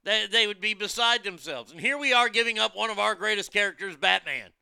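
A man's voice: high voice, lively intonation, brisk, vocal fry, pushed and bright, smooth, no room sound. A man rambling casually about food, movies and wrestling, blunt and profane, with many restarts. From United States.

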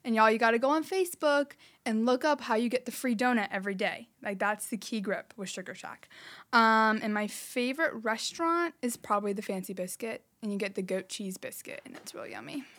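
A woman's voice: on the high side, lively intonation, fairly quick, fairly bright tone. A young woman telling a personal story on a podcast in a chatty way, with lots of filler words. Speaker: podcast guest.

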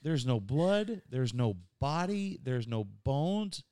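A man's voice: mid-range voice, very animated, slow, dark tone, clean tone, no echo, clean studio sound. Exasperated man telling a story. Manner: exasperated, dramatic, indignant. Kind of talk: casual storytelling chat.

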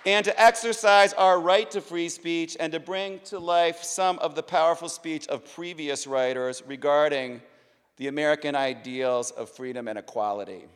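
A man's voice: a little high, clear, resonant tone, some chatter behind. A man hosting a public reading, reciting quotations in a dramatic, emphatic way into a stage microphone in a large public hall. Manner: declamatory, emphatic, measured delivery. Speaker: event host reading quotations. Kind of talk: dramatic spoken-word recitation. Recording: long reverb of a large hall.

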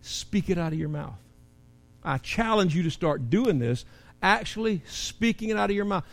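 High-voiced, animated man preaching. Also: moderate pace, soft background music. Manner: animated, acts out quotes, rising and falling emphasis. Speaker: pastor. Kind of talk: sermon. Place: church.

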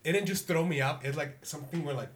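A man's voice: on the high side, quick pace, husky. A man playing a tabletop game, describing his character's actions in a joking, laughing way. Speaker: player. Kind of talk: tabletop role-play.

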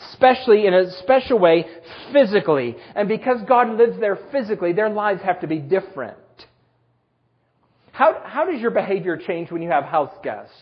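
Husky-voiced man preaching a sermon. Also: high-pitched, lo-fi sound. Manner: storytelling with self-deprecating humor. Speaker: pastor.

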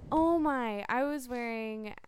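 A woman's voice: fairly high pitch, takes it slowly, clean tone. A young woman co-hosting a radio show in casual, teasing, gushing chat.

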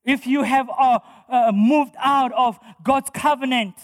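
High-voiced male preacher in a reverberant hall. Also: steady tone, a little slow. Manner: emphatic preaching with repeated phrases. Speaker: pastor. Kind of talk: sermon.

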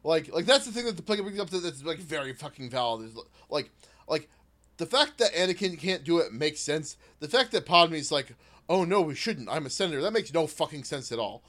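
Sarcastic high-voiced man in casual chat. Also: big pitch swings, fairly quick, fairly bright tone. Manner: sarcastic, heavy filler "like", mocking impressions. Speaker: podcast co-host.

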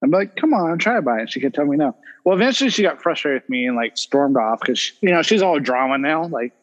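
A man's voice: fairly high pitch, lively intonation, fast talker, in a large hall, lo-fi sound. A man hosting a casual podcast, telling a family story and laughing often as he talks. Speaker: podcast host. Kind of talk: casual chat.

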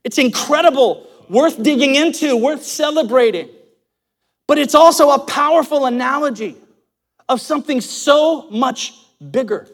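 A male pastor preaches with passion in a high voice, pressing hard on his points. He calls out to the congregation and builds to emphatic peaks. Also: moderate pace, fairly bright tone. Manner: passionate, emphatic preaching with audience call-and-response. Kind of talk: live church sermon. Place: church.

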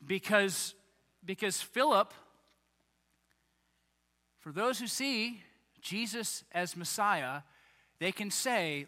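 A man preaching a sermon as a pastor, animated and acting out the voices of the people he quotes. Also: high-pitched, slow pace, pauses often. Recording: long reverb of a large hall.

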